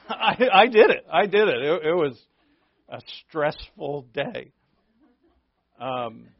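A man preaching a sermon, telling stories with animated acted-out quotes and laughing at himself. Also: mid-range voice, vocal fry, no room sound. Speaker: pastor. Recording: dull, dry lo-fi recording.

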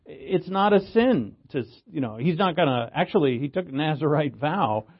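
A man's voice: a little high, animated, normal speed, husky, lo-fi sound. A man teaching a Bible passage in a casual, conversational way, often checking in with "right?". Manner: conversational, frequent "right?" check-ins, restarts. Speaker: preacher.

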